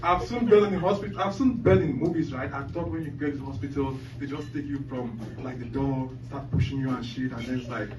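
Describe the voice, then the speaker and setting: A man's voice: medium pitch, quick pace, few pauses, dull audio. A man doing a loose, profane stand-up set, often laughing at his own jokes. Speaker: stand-up comedian. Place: comedy club stage. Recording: echoey club from a far mic, loud noise.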